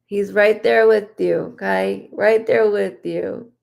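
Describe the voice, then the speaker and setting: A woman giving a live psychic reading, speaking softly with halting restarts and relaying a spirit's words in the first person. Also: mid-range voice, steady tone, gravelly. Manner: soft, halting, full of restarts. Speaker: psychic medium.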